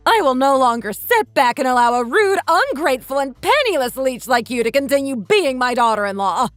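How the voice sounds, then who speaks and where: A woman's voice: high-pitched, very animated, brisk, no echo, soft background music. A woman voicing a spiteful, domineering mother-in-law around sixty who scolds and insults, in a dramatized text-story reading. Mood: furious.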